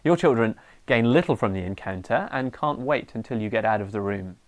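A middle-aged man preaching a sermon, animated and lively, sometimes acting out a ranting parent. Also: mid-range voice, a little fast.

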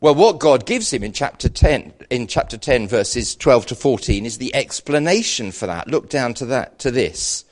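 A man's voice: mid-range voice, very animated, moderate pace, hardly any pauses. A middle-aged Englishman preaching a sermon, telling stories with self-deprecating humour.

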